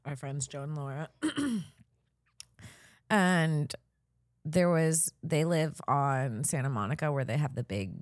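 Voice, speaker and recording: A woman's voice: low voice, lively intonation, slow, long pauses, no room sound, clean studio sound. A woman in her thirties, a comedian co-hosting a podcast, telling a story in casual chat. She acts out the people she quotes and laughs often.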